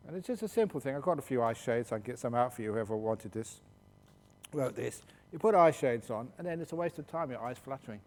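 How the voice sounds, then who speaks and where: A man, a meditation teacher, answering questions at a retreat in a jokey, animated storytelling manner. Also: mid-range voice. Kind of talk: retreat Q&A talk. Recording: reverberant hall.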